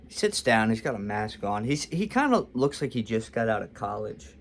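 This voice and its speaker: A man's voice: lowish voice, very animated, moderate pace, gravelly, slight background noise. A man telling a storytime story to camera, rambling and self-deprecating with frequent restarts. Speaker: vlogger. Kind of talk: storytime monologue.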